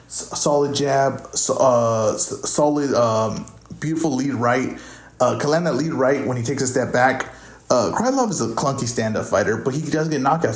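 A man hosting a podcast, casually talking through his fight predictions and thinking aloud as he goes. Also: medium pitch. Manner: offhand, thinking aloud, stumbles over fighter names. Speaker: podcast host. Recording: roomy echo.

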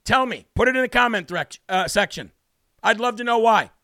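A man's voice: sits high, lively intonation, brisk, sharp tone, no room sound, studio quality. A male talk show host giving a brash, emphatic, preachy monologue with a scripture reading.

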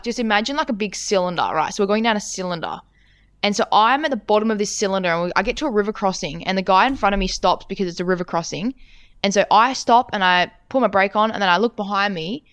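A woman's voice: mid-range voice, clean tone, no echo, clean studio sound. A young woman co-hosting a podcast, telling a rambling story with lots of filler words and swearing. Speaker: podcast co-host. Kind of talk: casual storytelling chat.

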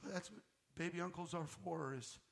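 A male guest minister preaching a sermon, telling his own story with emotion, swinging from fervent loud passages to hushed near-whispers. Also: a little high, moderate pace, creaky. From United States. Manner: emotional testimony, voice rising to loud fervor and dropping to near-whisper.

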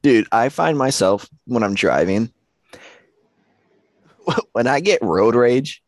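A man's voice: medium pitch, animated, takes it slowly, no room sound. A young man co-hosting a podcast, easygoing and joking in casual chat. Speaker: podcast co-host.

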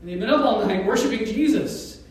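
A male pastor preaching a sermon, telling a story with animated asides, chuckles and pauses. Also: high voice, very echoey, distant mic, poor audio. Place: church sanctuary.

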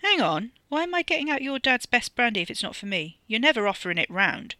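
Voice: mid-range voice, very animated, fast, sharp tone, no echo, clean studio sound, pitched above the performer's own voice. The author reading a novella, voicing a cocky, sardonic working-class man with a British accent who mutters his lines.

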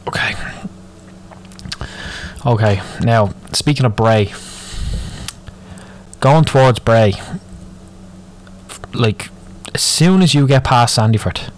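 A man's voice: mid-range voice, slow, long pauses. Sweary Dublin man ranting. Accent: Irish, Dublin. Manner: moaning, sweary, rambling. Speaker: podcast host. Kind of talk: solo ranting podcast.

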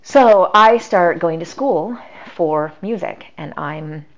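A woman's voice: fairly low pitch, takes it slowly. A middle-aged woman, a podcast guest, telling a personal story in a chatty way, full of "like" and quoted dialogue. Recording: dull lo-fi sound.

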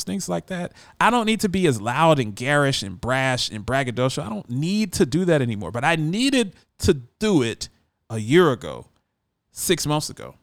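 A man's voice: medium pitch, dry recording. A man who hosts a radio show, talking in a brash, emphatic casual monologue.

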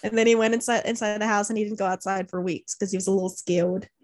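A woman's voice: mid-range voice, steady tone, fast, a little mellow, no room sound. A young woman in casual chat, telling a family story with many fillers and acting out what her relatives said. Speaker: podcast co-host.

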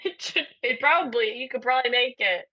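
A young woman in her twenties co-hosting a casual chat, giggly and animated, acting out quotes. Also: fairly high pitch, a little fast, breathy edge. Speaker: podcast co-host. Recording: dry, dull lo-fi audio.

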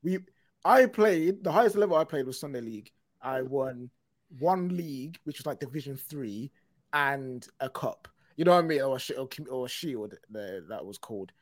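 A man hosting a casual faith podcast, talking in quick excited bursts and speaking to viewers. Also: mid-range voice, no echo. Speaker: podcast host.

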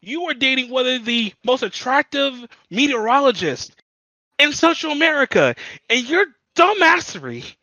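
A man's voice: extremely high pitch, very animated, moderate pace, pushed and bright, no echo, rough recording. A man on a casual podcast, ranting with heavy profanity and exasperation. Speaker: podcast host. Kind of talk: casual chat.

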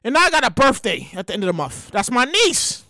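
A woman's voice: on the high side, huge pitch swings, a little fast, sharp tone, no echo. A woman hosting a show, ranting in casual, profane talk and repeating herself in exasperation. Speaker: podcast host. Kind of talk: casual comedic rant.

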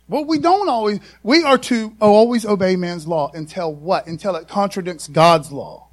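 A man's voice: high-pitched, expressive, moderate pace. A man preaching a casual, folksy sermon full of asides to the congregation. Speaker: pastor.

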